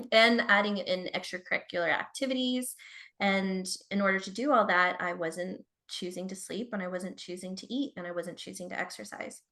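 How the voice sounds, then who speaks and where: A woman's voice: medium pitch, a bit bright. A woman productivity consultant, a podcast guest, telling a personal story in a chatty, candid way and speaking straight to listeners. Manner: chatty, addresses listeners directly, frequent "like".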